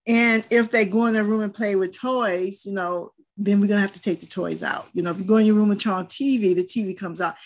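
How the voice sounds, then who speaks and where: A woman's voice: medium pitch, steady tone, brisk, hardly any pauses. An older woman and grandmother, speaking in a firm, earnest way in a group discussion and telling stories from home. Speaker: panelist. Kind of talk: casual discussion.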